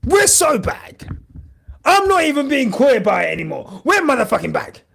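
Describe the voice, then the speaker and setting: A man hosting a podcast, giving excitable, shouty live reaction commentary and swearing a lot. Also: very high-pitched, moderate pace, creaky, breathy edge. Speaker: podcast host.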